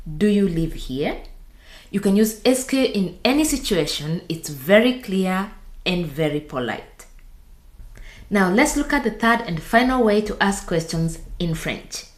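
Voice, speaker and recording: A woman teaching a beginners' language lesson, speaking slowly and repeating each phrase for practice. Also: medium pitch, big pitch swings. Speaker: French teacher. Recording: echoey room.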